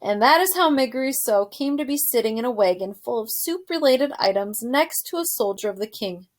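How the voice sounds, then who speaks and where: A woman teacher with a fairly high voice reads a children's novel aloud with expressive storytelling. She stops now and then to put questions to her students. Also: normal speed. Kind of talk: reading a novel aloud to a class.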